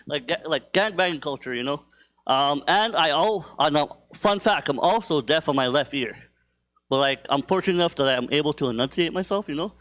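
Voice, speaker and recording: A young man performs stand-up in a comedy club. His voice sits a little high, and he rambles loosely through his stories, padding them with fillers and self-deprecating jokes. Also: normal speed, fairly bright tone.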